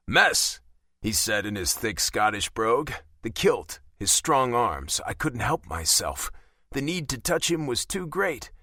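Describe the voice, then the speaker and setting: Male romance narrator, animated delivery, dry close read. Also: medium pitch, no echo. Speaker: audiobook narrator. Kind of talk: first-person romance narration.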